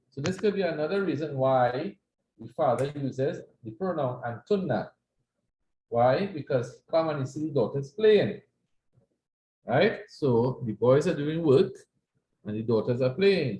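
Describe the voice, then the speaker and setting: A man's voice: on the high side, expressive, moderate pace, darkish tone, a little hiss or hum. Patient male Arabic teacher, echoey room. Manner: patient, repeats phrases, checks with "right?". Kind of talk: explaining grammar in an online class.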